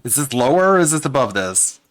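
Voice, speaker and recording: A man's voice: medium pitch, big pitch swings, brisk, no room sound. A man co-hosting a stream, making wry, offhand remarks in casual chat. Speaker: stream co-host.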